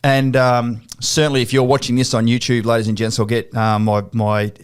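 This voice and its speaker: A man's voice: mid-range voice, little pitch movement, normal speed, clean tone. An Australian man hosting a podcast in a studio. He chats casually, swears freely and tells stories by acting out quoted exchanges. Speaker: podcast host. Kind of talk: casual interview chat.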